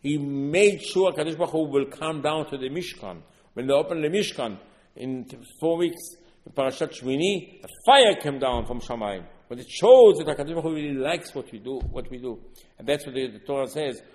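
A man's voice: fairly high pitch, fairly quick. Earnest man preaching in a reverberant hall. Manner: earnest, repeats words, sudden loud emphasis. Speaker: religious teacher. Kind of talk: Torah sermon.

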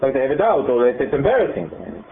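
A man teaching a Bible class. He explains verses, repeats words and acts out the dialogue with rising excitement. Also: medium pitch, racing, creaky. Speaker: Torah teacher. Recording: tinny, echoey room with faint noise.

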